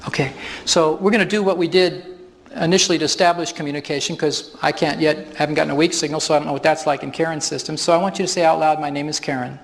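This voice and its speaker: A man's voice: a little high, fairly even intonation, fast, creaky. A man presenting a live stage demonstration at a workshop, explaining as he goes and chuckling often. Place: large hall with audience. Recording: reverberant hall.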